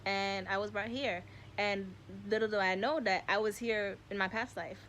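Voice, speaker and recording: Speaking at a moderate pace with fairly even intonation, this vlogger in her twenties has a mid-range, slightly bright voice over a faint hiss or hum. Her casual spiritual talk to viewers rambles and turns emotional, packed with "like" and "y'all," and at times she's close to tears.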